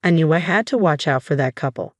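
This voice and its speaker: A woman with a low, deep-set voice reads a dramatic family story aloud. Her delivery stays even and measured throughout. The recording is dry and close, with no room sound. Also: no echo. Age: middle-aged. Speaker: narrator. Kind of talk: scripted story narration.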